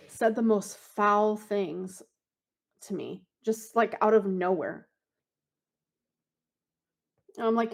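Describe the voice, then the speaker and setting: A woman on a livestream venting in a rambling, filler-heavy way and quickly reading text messages aloud. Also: fairly high pitch.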